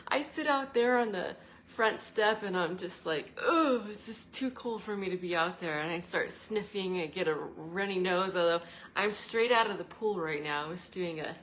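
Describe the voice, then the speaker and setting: Woman vlogger, lower-pitched, earnest and rambling, casual talk to camera; faint room hum behind. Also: fairly bright tone. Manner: meandering, earnest, breaks into laughter. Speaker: travel and spirituality vlogger. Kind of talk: casual reflective monologue. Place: indoor living room by a fireplace.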